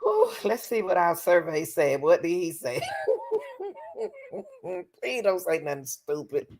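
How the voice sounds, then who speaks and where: Animated woman host reacting to a trial. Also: fairly low pitch, a little slow. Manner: emphatic, incredulous, breaks into laughter. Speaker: livestream commentary host. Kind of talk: casual reaction commentary. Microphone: livestream computer mic.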